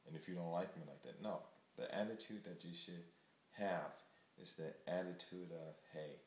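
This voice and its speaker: A man's voice: low-pitched, moderate pace, echoey room. A man from the United States talking casually and candidly to the camera, rambling and emphatic. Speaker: vlogger. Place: Japan.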